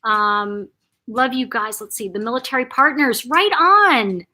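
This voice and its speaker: Bright-voiced older woman chatting live. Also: a little high, steady tone, moderate pace. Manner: warm, chatty, reacts to comments, laughs often. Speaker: live chat host. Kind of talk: casual live-stream chat reading viewer comments.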